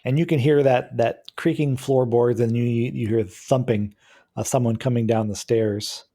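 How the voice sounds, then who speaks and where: A man narrating a tabletop game as game master, describing scenes in a halting way. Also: medium pitch, fairly even intonation, dark tone.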